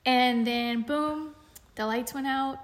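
A woman's voice: high-pitched, fairly even intonation, slow pace. A woman co-hosting a podcast, telling a story in casual chat with plenty of fillers and restarts. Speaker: podcast co-host.

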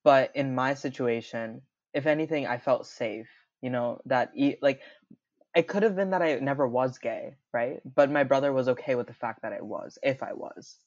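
A man's voice: mid-range voice, normal speed, dry recording. A young man telling his own story in a casual interview, chatty and full of fillers, laughing often. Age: young adult. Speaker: interview guest. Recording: dull lo-fi recording.

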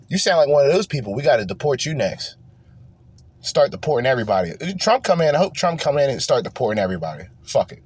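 A man's voice: medium pitch, husky. A young man from New Jersey, hosting a podcast, delivers a rambling, profane and heated political rant in a casual tone. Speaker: podcast host.

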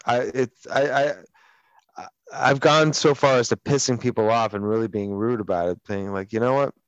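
A man's voice: mid-range voice, steady tone, normal speed, dry recording, lo-fi sound. A man co-hosting a radio show, telling stories in casual banter with a crude, profane, sardonic manner. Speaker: radio co-host.

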